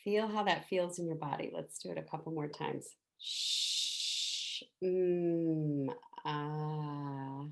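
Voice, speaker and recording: A middle-aged woman teaching a meditation softly and without hurry, guiding listeners to make the sounds along with her. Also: low-pitched, a little fast, creaky, few pauses. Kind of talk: gentle spoken meditation teaching.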